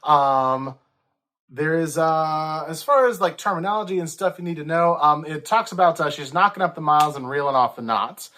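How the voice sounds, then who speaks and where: A man's voice: on the high side, moderate pace, pushed and bright. A man co-hosting a sea shanty show, leading songs and explaining them in a hesitant, casual way. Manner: hesitant, many fillers, sings lead lines. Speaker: co-host singing sea shanties. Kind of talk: casual chat and shanty singing.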